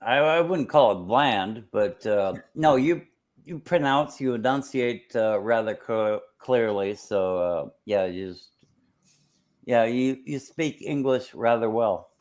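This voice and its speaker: Halting, wordy man with formal phrasing. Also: mid-range voice, expressive, a little mellow. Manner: halting and wordy, many "uh" pauses, formal word choice. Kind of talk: casual chat.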